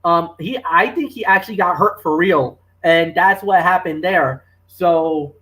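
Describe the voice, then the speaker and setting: A man co-hosting a wrestling review show, talking casually with loud exclamations and many fillers. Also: high voice, unhurried. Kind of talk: excited casual podcast chat.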